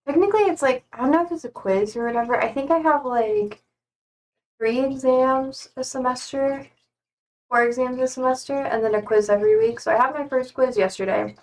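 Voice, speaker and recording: A young woman with a slightly high voice rambles through a casual live-stream chat, fighting back tears as she talks. She sits a little back from the microphone, so her voice comes across with some distance. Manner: rambling, emotional, close to tears. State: tearful, trying not to cry. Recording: speaking from a distance to the mic.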